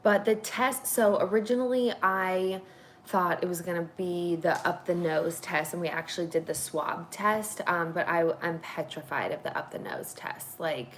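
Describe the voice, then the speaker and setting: A woman's voice: fairly low pitch, fairly even intonation, moderate pace, a little hiss or hum, low-quality recording. A woman in her thirties hosting a casual home livestream, chatting candidly with many fillers. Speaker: vlog host. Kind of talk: casual chat. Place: home, at a table.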